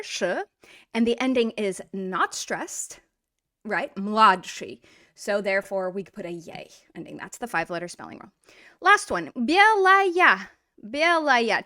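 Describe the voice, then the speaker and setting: A woman teaching a language lesson in a casual, explanatory way, repeating words slowly to model pronunciation. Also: mid-range voice, a bit bright, dry recording, clean studio sound.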